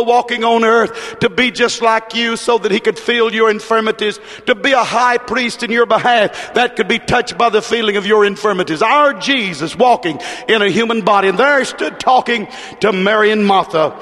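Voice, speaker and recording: A man preaching a fervent, rhythmic sermon that swells into shouts. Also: sits high, normal speed. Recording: long reverb of a large hall.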